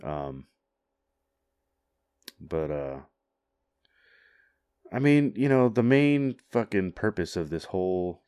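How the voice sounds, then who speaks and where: A man's voice: low voice, very animated, slow pace, pauses often, a little mellow, clean tone, dry recording. A man chatting casually on a podcast, rambling and hesitant with lots of filler words and casual swearing. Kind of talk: casual chat.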